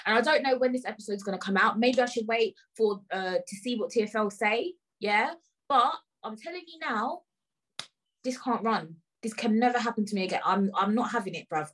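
A woman rants on her own podcast, tired and upset. Her voice is husky and her pitch sits in a middle range. She talks in slang and circles back to the same phrases again and again. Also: a bit bright, low-quality recording. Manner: heated, repeats phrases, slangy. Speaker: podcast host. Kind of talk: angry ranting monologue.

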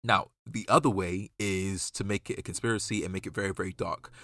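A man who is a guest on a casual podcast chat, telling stories in an animated, playful way. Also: low voice, brisk, dry recording, studio quality. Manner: animated storyteller, playful mock dialogue.

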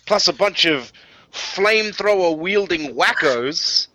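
Agitated, foul-mouthed male defender with a bright, sharp edge, as a game master puts him on. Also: sits high, animated, slow, dry recording, pitched above the performer's own voice, heavily acted. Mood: aggravated. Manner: blunt, swearing, worried.

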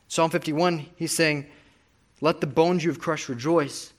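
A man's voice: on the high side, steady tone, normal speed, a bit bright. A young man preaching a sermon, earnestly reading and explaining scripture. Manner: earnest, reads scripture aloud with emphasis.

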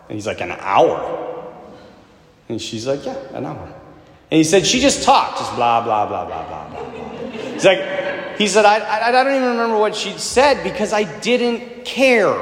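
A man preaching a sermon in a parish church, telling a story with swings from loud emphasis to hushed low tones. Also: roomy sound, in a large hall.

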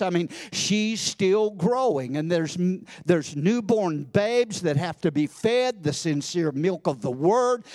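A man preaching a sermon in a church service, folksy and full of amens, building to fervent shouts. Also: high voice, no echo, clean studio sound. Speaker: pastor.

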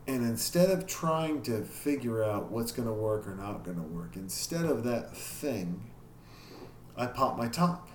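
A man's voice: fairly low pitch, lively intonation, unhurried, a little hiss or hum. A man hosting a podcast, talking candidly and self-critically in a casual monologue, swearing freely. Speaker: podcast host. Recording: echoey room with faint ambience.

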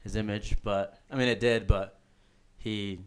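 A man's voice: lowish voice, steady tone, measured pace, clean tone. A young man co-hosting a casual sports podcast, giving blunt, emphatic opinions. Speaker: podcast co-host.

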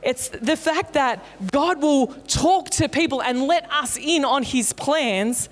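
A fairly high-voiced woman preaching a sermon to her church. She tells the story in a casual, playful way, and her voice rings out with the long reverb of a church hall. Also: slow pace. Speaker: pastor. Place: church auditorium.

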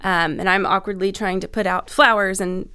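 A woman's voice: medium pitch, moderate pace, smooth. A young adult woman on the staff of a trade show, telling a casual, self-mocking anecdote and acting out the people in it. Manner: animated, self-mocking storyteller who acts out quoted lines.

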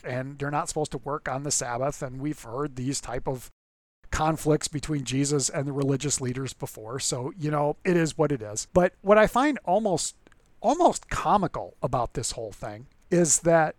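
A man's voice: fairly high pitch, no echo. A man preaching as a pastor in a casual, conversational way, often restarting words and acting out the people in the story. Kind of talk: conversational sermon.

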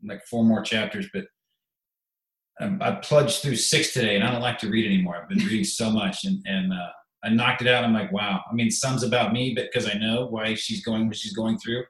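A man's voice: fairly low pitch, fairly even intonation, fairly quick, a bit bright, roomy sound, rough recording. A man speaking as a guest in an interview, plainspoken and openly emotional, often repeating himself. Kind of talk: conversational interview.

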